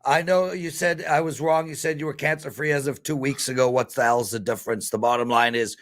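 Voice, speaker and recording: A man's voice: mid-range voice, fairly even intonation, brisk. A man in his fifties hosting a sports betting show, talking in a heartfelt, rambling way and getting emotional. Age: 50s. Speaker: host.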